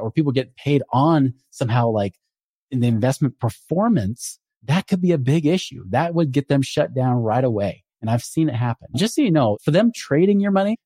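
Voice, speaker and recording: A man's voice: medium pitch, warm tone, no echo. A man giving a casual, skeptical explainer monologue about finance, talking in a conversational way with many asides. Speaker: financial commentator.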